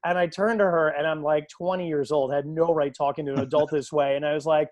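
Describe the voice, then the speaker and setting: Guy pa announcer telling stories on a zoom call, lively, voice a bit high, dry close sound. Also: quick pace, hardly any pauses, no echo. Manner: animated, acts out quoted voices. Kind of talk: casual storytelling on a video call. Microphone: video call.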